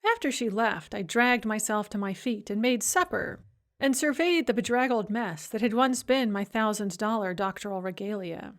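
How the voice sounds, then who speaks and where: A woman's voice: mid-range voice, moderate pace. A woman reading an audiobook in a wry, dry first-person storytelling voice. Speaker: audiobook narrator.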